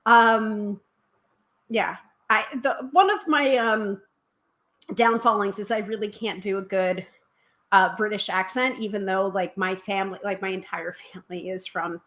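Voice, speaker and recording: An American woman hosts a tarot live stream in a loose, chatty way. Her voice sits in an ordinary middle range for a woman. She talks quickly, fills pauses with "um" and stops to read out her viewers' comments. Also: mid-range voice, fairly even intonation, a bit bright. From United States. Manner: quick, chatty, many filler ums, reads viewer comments aloud. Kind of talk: casual live stream chat.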